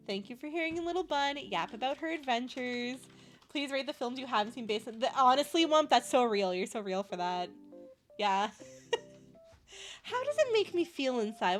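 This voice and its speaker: High voiced girl streamer just yapping with chat, super giggly and goofy, bit of quiet music behind. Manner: giggly, laughs constantly; playful and loopy. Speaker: live streamer. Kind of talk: casual chat with stream viewers.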